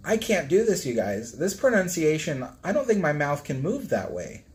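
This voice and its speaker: A man's voice: fairly high pitch, huge pitch swings, moderate pace. A man hosting a casual live stream, flustered as he stumbles over hard pronunciations and laughs at himself. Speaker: livestream host reading a book.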